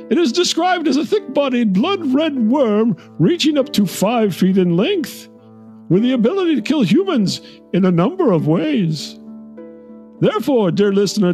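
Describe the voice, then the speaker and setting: A gallant cartoon narrator, high and bold, whose pitch sweeps wildly on every phrase. The mic is close and dry with faint music underneath. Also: male voice, a little mellow, full character voice. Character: heroic cartoonish male narrator, booming and dramatic.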